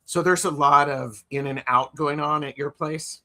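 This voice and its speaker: A man's voice: a little high, steady tone, moderate pace, pushed and bright. A man co-hosting a live tarot stream from home over a video call, chatty and playful, often restarting his sentences. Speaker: co-host of a tarot livestream. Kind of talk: casual live chat.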